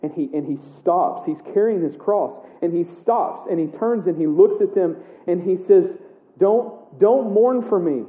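A man preaching a sermon in a casual, animated way, acting out the scripture he reads aloud. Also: sits high, normal speed, few pauses. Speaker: pastor. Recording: echoey room heard over a tinny narrow line.

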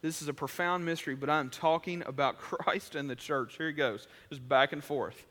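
A pastor delivers his sermon in a loose, conversational style, often starting a phrase twice. His voice sits high and bright for a man. It rings out with a long reverb, as in a large church hall. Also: moderate pace. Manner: conversational preaching, many restarts, shifts from loud to quiet.

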